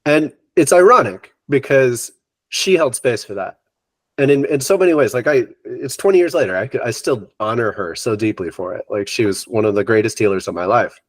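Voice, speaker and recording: A middle-aged man, a yoga teacher, telling a personal story in an interview in an animated way and acting out what others said. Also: mid-range voice, normal speed, no room sound.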